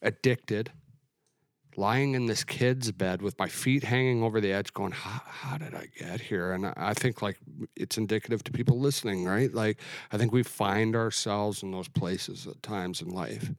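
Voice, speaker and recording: A middle-aged man from Canada giving an earnest, reflective personal testimony in an interview, often halting and restarting. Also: fairly low pitch, no echo, clean studio sound. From Alberta, Canada. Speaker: guest sharing testimony.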